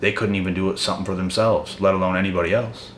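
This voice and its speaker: A man with a very low voice delivers a blunt, profane motivational rant, calling out his critics head-on. The room around him rings with echo, and a faint hiss sits under the voice. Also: steady tone, fast talker. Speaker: motivational channel host. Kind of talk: ranting motivational monologue. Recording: echoey room with faint noise.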